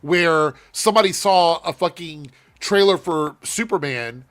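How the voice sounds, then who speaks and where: Guy hosting a chill stream, kinda high voice, swears a lot, laid back. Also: measured pace, fairly bright tone. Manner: loose and profane, laughing. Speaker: host. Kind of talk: casual chat.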